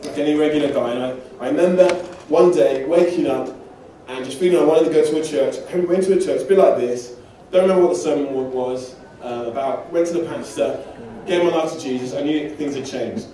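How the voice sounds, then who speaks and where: A man's voice: on the high side, fairly quick, hardly any pauses, dark tone, slight background noise. A man from England preaching a sermon, telling personal stories in a conversational way with self-deprecating humor. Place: church hall. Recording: distant mic in an echoey church hall.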